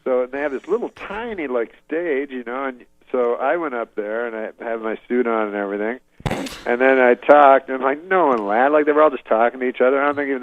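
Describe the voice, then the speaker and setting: A male comedian guest telling a meandering story in a relaxed, chuckling way. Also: mid-range voice, no echo. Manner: meandering, laid-back, chuckling asides. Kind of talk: rambling storytelling. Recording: dull lo-fi audio.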